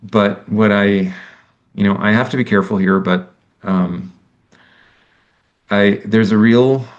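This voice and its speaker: A man giving a conversational lecture, animated and exasperated, acting out imagined exchanges and often restarting his sentences. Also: on the low side, slow pace, highs cut off. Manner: many restarts and self-corrections.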